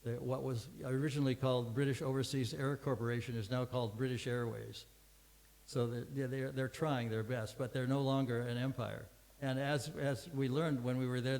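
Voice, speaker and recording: A man's voice: mid-range voice, fairly even intonation, moderate pace, a little mellow, rough recording. An older man giving a scripture class, telling a long story in a rambling way with many restarts and fillers.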